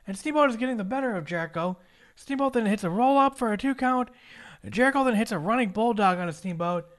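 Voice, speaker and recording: Casting: high-pitched male podcast co-host, brisk recap delivery, dry jokes. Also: expressive, a bit bright. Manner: brisk play-by-play recap with joking asides. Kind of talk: casual wrestling recap chat.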